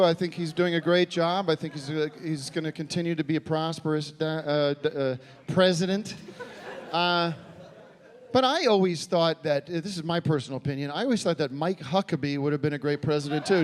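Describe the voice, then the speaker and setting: A man doing a live stand-up comedy set, telling a long deadpan rambling story with halting restarts. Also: fairly high pitch. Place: live comedy venue with audience. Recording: live show recording with faint crowd.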